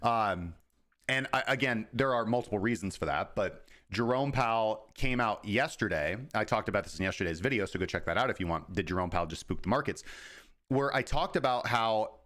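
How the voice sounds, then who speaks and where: A man's voice: fairly low pitch, lively intonation, fairly bright tone. Casual man explaining crypto markets. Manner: informal, explains at length, acts out traders' thoughts in quick asides. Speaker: crypto market analyst, host. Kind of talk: casual livestream market commentary.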